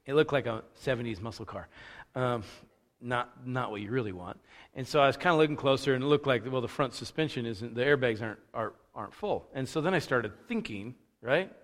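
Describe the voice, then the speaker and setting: A man preaching a conversational sermon, casual and animated, acting out the thoughts he quotes. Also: medium pitch, a little fast. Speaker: pastor. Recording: long reverb of a large hall.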